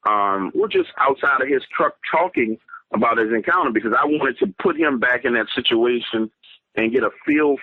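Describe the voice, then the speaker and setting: Man, mid pitch, earnest halting storyteller, heard over a tinny dry phone line. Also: husky, no room sound. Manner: earnest, halting storyteller with many fillers and restarts. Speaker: guest telling of an encounter.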